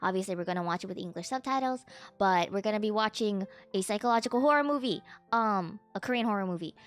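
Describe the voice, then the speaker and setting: A woman streamer chatting casually and excitably with her viewers, swearing freely as she greets them. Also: medium pitch, fast, faint music behind.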